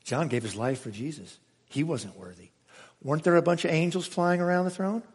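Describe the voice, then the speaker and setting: A man preaching a sermon with dramatic swings between loud exclamations and hushed asides, recorded in an echoey church hall. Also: on the high side, fairly quick, slightly rough. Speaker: pastor. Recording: echoey hall with long reverb.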